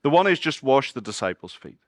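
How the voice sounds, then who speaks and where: A man preaching a sermon as pastor, moving between loud exclamations and hushed, low passages and asking his congregation questions. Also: sing-song, fairly quick, no room sound, clean studio sound. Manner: asks the congregation questions and jokes with them. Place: church.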